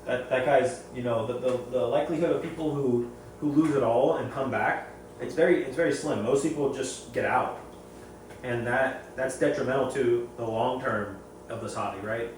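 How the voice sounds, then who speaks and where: A man talks casually about the reef aquarium hobby. He rambles and doubles back on his words. His voice sits at an ordinary pitch and is heard from across a very reverberant room with faint background hiss. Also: normal speed. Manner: rambling, repeats and restarts phrases. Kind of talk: casual opinionated storytelling. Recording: very echoey room, far from mic, faint noise.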